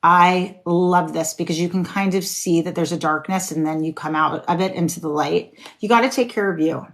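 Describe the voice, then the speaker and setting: A woman's voice: on the low side, moderate pace. A woman doing casual, encouraging tarot readings on a live stream, swearing now and then. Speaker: tarot reader.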